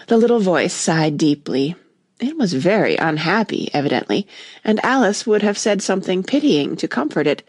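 A woman narrating a classic children's story in a lively, expressive reading voice. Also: sits low, normal speed, breathy edge, no room sound, studio quality.

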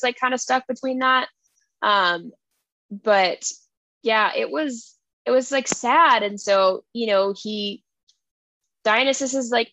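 A young woman co-hosting a book podcast recaps a story in casual conversation, animatedly acting out the characters' lines in playful voices. Her pitch is fairly high, and there's no room sound.

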